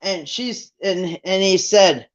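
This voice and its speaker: A live streamer talks casually to viewers, meandering through a story and slipping into voices for the quotes. The pitch sits in the middle range. The stream audio is dull and lo-fi. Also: slow. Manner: rambling storyteller who acts out quotes.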